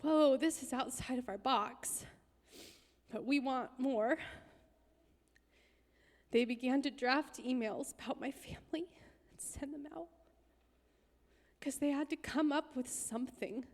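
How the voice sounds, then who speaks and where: A woman preaching in a high voice. She tells a personal story with intense emphasis and sometimes drops to a hushed whisper. Her voice rings with the long reverb of a church hall. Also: a little slow, long pauses. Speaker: guest speaker. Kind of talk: sermon storytelling.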